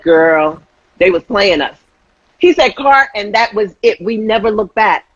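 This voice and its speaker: Husky woman, animated storyteller, dull lo-fi recording. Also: medium pitch, a little slow, no echo. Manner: animated storyteller, acts out quotes. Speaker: host. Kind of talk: casual chat.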